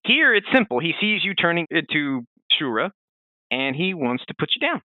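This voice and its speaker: A man co-hosting a casual podcast, chatting in an animated way with many fillers and restarts. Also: fairly high pitch, moderate pace, no echo, phone-quality sound. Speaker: podcast co-host.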